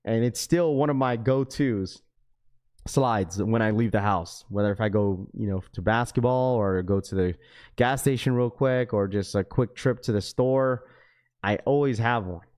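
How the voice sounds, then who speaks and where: A man's voice: lowish voice, normal speed, darkish tone. Laid-back man chatting to a stream. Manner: casual, addresses chat as bro, rambling. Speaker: livestream host. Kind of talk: casual live stream chat.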